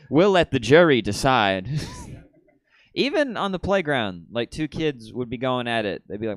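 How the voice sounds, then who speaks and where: Male stand-up comic, deadpan delivery with bursts, animated pitch, resonant tone. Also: unhurried, no echo. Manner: deadpan storytelling with sudden excited outbursts. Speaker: stand-up comedian. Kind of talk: stand-up comedy set. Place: comedy theater stage.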